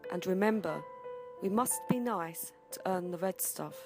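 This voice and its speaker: An actress voicing a secretive fellow patient in a game, in a hushed, conspiratorial manner. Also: female voice, lowish voice, unhurried. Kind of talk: game voice acting. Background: game music.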